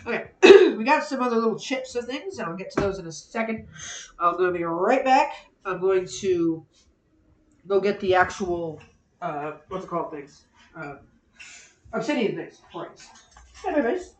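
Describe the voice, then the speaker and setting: A woman chatting playfully to herself while building a craft project, often dropping to soft murmurs. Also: medium pitch, expressive, normal speed, a little hiss or hum. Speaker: craft vlogger. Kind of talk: casual narration while crafting. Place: indoors at a craft table. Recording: roomy echo.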